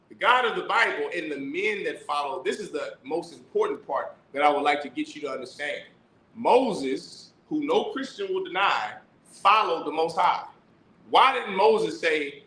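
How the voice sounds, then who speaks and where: In a poor, reverberant recording with slight hiss or hum, a man with a fairly high, pushed, bright voice teaches a religious class. His style is sermon-like: emphatic preaching, rhetorical questions, and verses read aloud.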